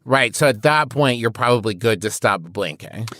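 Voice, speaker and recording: A man co-hosting a comedy podcast who chats along and throws in quick jokey asides. His pitch moves a lot, and the recording is dry and close. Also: expressive, a bit bright, no echo. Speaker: podcast co-host.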